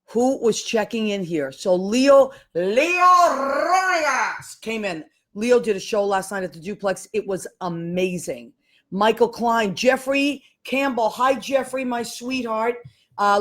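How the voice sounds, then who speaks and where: A woman hosting a live show solo, chatting casually and greeting listeners one by one by name. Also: on the high side. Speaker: host.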